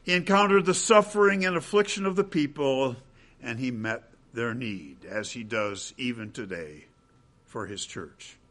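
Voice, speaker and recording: A man preaching a sermon as pastor, swinging between loud emphatic peaks and hushed low passages, with rhetorical questions. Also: a little slow.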